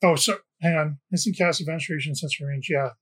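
A man playing a tabletop game, giving quick, matter-of-fact answers to the game master. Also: fairly high pitch, breathy edge. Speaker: player.

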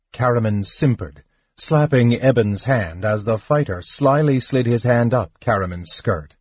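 A man narrating an audiobook in an even, measured reading. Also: mid-range voice, slightly rough, dry recording. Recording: dull, dry lo-fi recording.

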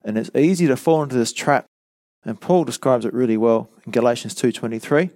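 A man preaches in an earnest, teacherly way, driving each point home with repetition and rhetorical questions. His voice sits at an ordinary middle pitch. It sounds close and dry, with no room echo. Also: brisk, darkish tone. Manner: earnest, explanatory, emphatic repetition. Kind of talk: teaching sermon.

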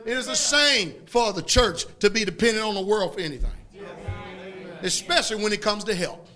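A preacher with a strikingly high, bright voice, delivering a fiery, folksy sermon. He swings between loud shouted bursts and quieter asides, often breaking into laughter. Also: fairly quick.

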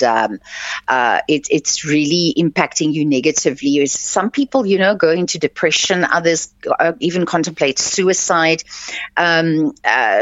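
A woman with a low voice hosts a radio coaching show, offering earnest advice and repeating her points to drive them home. She is a life coach, and the recording is dull, lo-fi and dry with no echo.

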